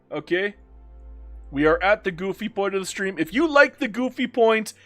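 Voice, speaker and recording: High-voiced joking game streamer man. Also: fairly bright tone. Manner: joking, talks to himself and reads chat aloud. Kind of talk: casual live-stream commentary.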